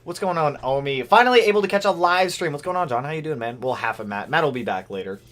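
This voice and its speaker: A man hosting a car livestream, chatting casually and excitedly calling out viewers' names. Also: on the high side, fast talker. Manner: excitable, shouts out chat names. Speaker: car channel host.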